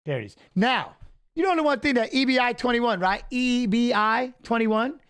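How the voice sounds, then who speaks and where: A man's voice: very high-pitched, lively intonation, normal speed, a bit bright, smooth. A man hosting a live watch-along stream, chatting casually and greeting viewers by name, often adding "you know what I'm saying". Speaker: livestream host.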